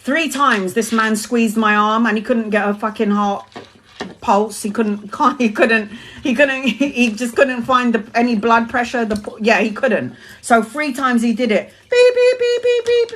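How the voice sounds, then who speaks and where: A woman's voice: fairly high pitch, a little slow. Woman telling a wild story, swearing freely. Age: adult mother. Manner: animated, profane, laughing storyteller. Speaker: tarot reader and livestream host. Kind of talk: casual storytelling on a live stream.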